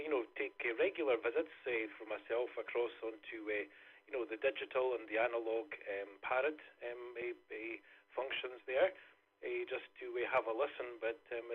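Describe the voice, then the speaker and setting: Casting: Scottish man, husky, careful and unhurried, heard through a thin radio channel. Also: mid-range voice. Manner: deliberately slowed, careful delivery. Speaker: amateur radio operator checking in. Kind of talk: casual radio chat. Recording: tinny radio transmission.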